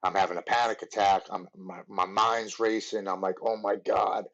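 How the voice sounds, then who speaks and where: A man telling his personal recovery story as a podcast guest, earnest and halting, often repeating words. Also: deep voice, steady tone, a bit bright, muffled recording.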